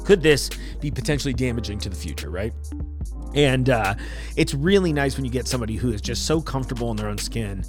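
A man's voice: mid-range voice, expressive, fast talker, music in the background. A man hosting a podcast, talking casually in a rambling, apologetic way with laughs between thoughts. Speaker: podcast host. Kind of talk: casual solo intro to camera.

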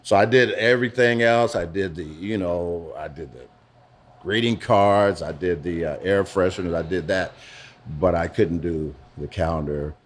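A middle-aged man being interviewed in a pizza restaurant, telling his own story frankly with halting restarts. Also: low-pitched, a little hiss or hum. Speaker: interviewee, former dancer turned business owner. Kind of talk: candid personal storytelling.

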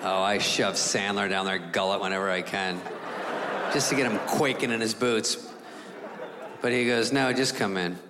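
A middle-aged man performing a stand-up routine, telling a self-mocking story in a sarcastic way with quick voices for others. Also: on the low side, steady tone. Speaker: stand-up comedian. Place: large theater stage before a laughing audience. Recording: live hall with crowd noise.

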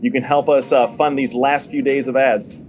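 A man's voice: medium pitch, flat delivery, moderate pace, a little mellow, a little hiss or hum. Emphatic man over a dull remote line. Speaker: guest. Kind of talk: remote interview.

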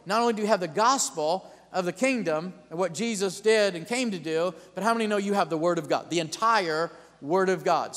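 High-voiced preaching man in a hall. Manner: call-and-response preaching with frequent amens, building to loud declarations. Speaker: pastor. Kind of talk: sermon.

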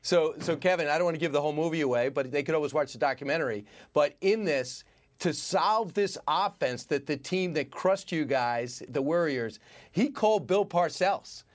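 Guy hosting an interview, kinda high voice, teasing questions. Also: normal speed. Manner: joking, probing questions. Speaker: interview host. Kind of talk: casual interview.

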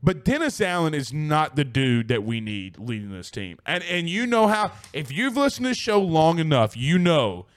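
A sports talk show host with a high voice reads listener comments on a studio mic at normal speed with few pauses. Casual and excitable, he rambles, laughs frequently and keeps restarting his sentences.

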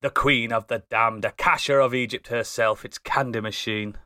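A man's voice: medium pitch, steady tone, moderate pace, sharp tone, no room sound, clean studio sound. A man hosting a podcast, introducing his co-hosts in a theatrical, teasing way and giggling often. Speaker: podcast host. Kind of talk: playful show introduction.

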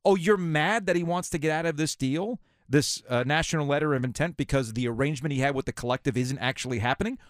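A man's voice: fairly high pitch, fast talker, hardly any pauses, no echo, studio quality. A man hosting sports talk radio, ranting sarcastically. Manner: sarcastic, ranting, mocking voices of officials.

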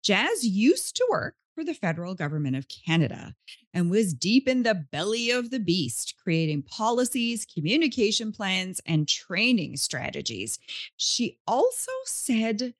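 Upbeat woman podcast host, lively pitch. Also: unhurried, no echo, clean studio sound. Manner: upbeat and effusive. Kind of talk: podcast interview intro.

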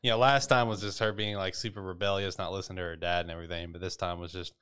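A man's voice: low-pitched, flat delivery, very fast, fairly bright tone, smooth. A man co-hosting a podcast, recapping an anime episode in casual, rambling chat, swearing freely and laughing often.

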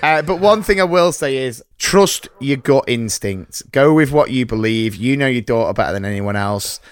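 A middle-aged man hosts a podcast with a jokey, upbeat presenter's delivery. His voice sits at an average pitch and is recorded dry and close to the mic. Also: expressive, moderate pace, clear, resonant tone, no room sound. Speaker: podcast host. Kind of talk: casual chat, show hosting.

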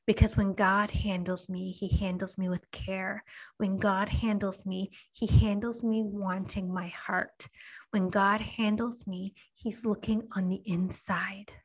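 A woman in her thirties giving an earnest devotional talk to mothers, slow and emphatic, sometimes dropping to a hushed near-whisper. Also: medium pitch, little pitch movement, low-quality recording. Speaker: Christian speaker to mothers.

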